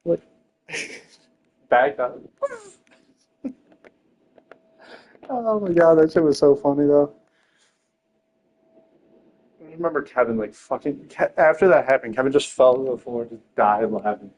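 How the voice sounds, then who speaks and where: A man's voice: medium pitch, animated, a little slow, long pauses, darkish tone. A young man telling rambling stories in casual chat, laughing often, swearing and filling his talk with slang.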